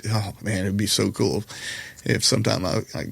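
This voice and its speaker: Gravelly Southern man telling stories. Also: on the low side, steady tone, moderate pace, fairly bright tone, no room sound. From Colorado. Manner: rambling, self-deprecating, joking, many fillers. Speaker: podcast guest, comedian and musician. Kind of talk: casual storytelling chat.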